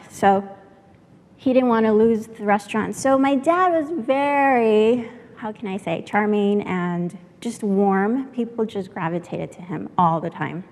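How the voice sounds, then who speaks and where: A woman's voice: mid-range voice, animated, a little mellow. Heartfelt woman telling a story in a reverberant hall. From San Antonio, Texas. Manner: heartfelt, pauses with fillers, grows emotional. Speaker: workshop speaker. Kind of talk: personal storytelling talk. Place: lecture room at a workshop.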